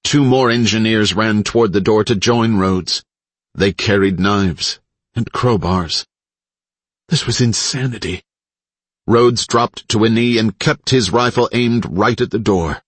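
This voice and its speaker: A man reading an audiobook in a steady, dramatic narrating style on a close mic. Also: lowish voice, unhurried, no room sound. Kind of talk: scripted narration.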